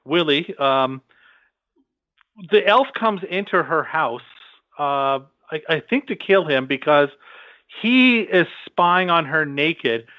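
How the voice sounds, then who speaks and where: A man's voice: fairly high pitch, animated, slow pace, no room sound. A man co-hosting a podcast, rambling as he retells film scenes in casual chat. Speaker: podcast co-host. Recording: dull, dry lo-fi podcast mic.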